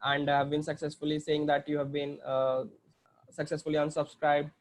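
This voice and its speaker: A man with an Indian English accent walking through a software demo on a screen share, hesitant, with many fillers and restarts. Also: fairly high pitch, completely flat delivery, moderate pace. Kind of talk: screen-share tutorial walkthrough.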